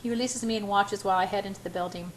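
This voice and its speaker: An older woman reading a novel aloud as an amateur, unhurried, with small slips and restarts. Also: mid-range voice, steady tone, a little hiss or hum, low-quality recording. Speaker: reader.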